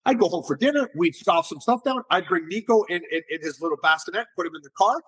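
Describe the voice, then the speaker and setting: A middle-aged man, an entrepreneur being interviewed, telling stories in a casual, animated way and often repeating words as he restarts. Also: high voice, quick pace, breathy edge. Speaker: entrepreneur guest.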